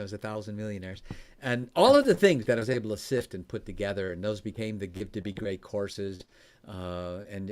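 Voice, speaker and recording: A man telling a story in conversation, animated and laughing often, his voice jumping high when excited. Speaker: coach and former radio host.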